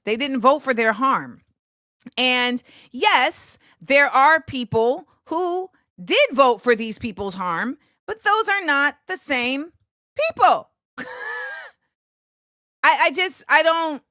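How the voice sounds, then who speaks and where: Woman host, 40s, casual commentary, emphatic and conversational, slow, dry close sound. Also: high voice, bright, forceful tone, no room sound. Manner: conversational and emphatic, with frequent fillers and laughter.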